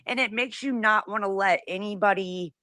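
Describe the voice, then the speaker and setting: A woman on a live-stream panel, talking as a soothing peacemaker with soft laughs. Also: medium pitch, moderate pace.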